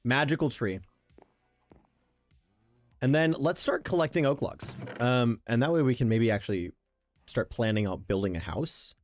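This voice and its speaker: A man chats casually while playing a game on a live stream. His voice sits at an ordinary middle pitch, and he keeps circling back and restarting his thoughts as he plans his next move. Quiet game music plays faintly in the background. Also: lively intonation, moderate pace, long pauses, no room sound. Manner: easygoing, thinks aloud, restarts and trails off. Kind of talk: casual gameplay commentary.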